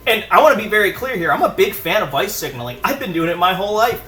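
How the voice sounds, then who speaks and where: High-voiced man in a swearing rant. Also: expressive, quick pace, bright, forceful tone. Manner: swearing, emphatic, contemptuous. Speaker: video essay host. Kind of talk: profane heated rant. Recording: roomy echo with faint music.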